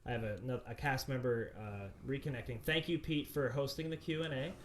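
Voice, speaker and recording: A man's voice: mid-range voice, a little fast, a little hiss or hum. Rambling man explaining over a video call. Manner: rambling, many fillers and restarts. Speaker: director of a community theater production. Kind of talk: explanatory Q&A answers.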